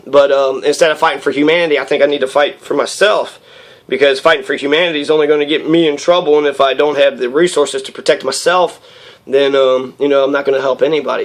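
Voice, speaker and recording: A man's voice: on the high side, fairly even intonation, fast talker. A man in his thirties in a raw, rambling personal monologue, profane and heated, with many fillers. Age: 30s.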